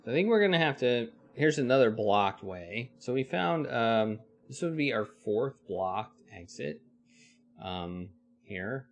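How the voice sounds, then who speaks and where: A man's voice: medium pitch, lively intonation, unhurried, slight background noise. A man streaming a live text adventure, thinking aloud, reading the game text and greeting his chat. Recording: faint music behind.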